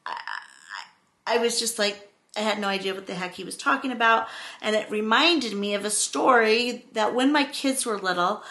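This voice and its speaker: A middle-aged woman vlogging, telling a personal story in a rambling, expressive way. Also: mid-range voice, moderate pace. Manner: rambling, expressive, acts out quotes with exclamations.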